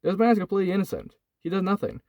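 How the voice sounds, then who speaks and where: A repentant criminal pleads humbly and urgently, put on by a man. The voice rides high with wide swings of pitch. It is recorded close and dry. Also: sing-song, rapid-fire, a little mellow, no echo. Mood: pleading.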